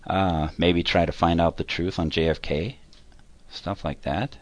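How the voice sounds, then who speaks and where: A man answering interview questions about himself and his accounting work, talking in a halting, rambling way that keeps correcting itself. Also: deep voice, steady tone, no echo.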